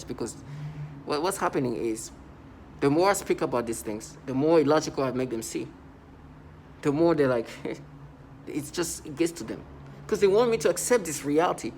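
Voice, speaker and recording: A man talking in a casual vlog monologue, rambling and halting, with many restarts and stammered repeats. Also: fairly high pitch, darkish tone, slight background noise. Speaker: vlogger.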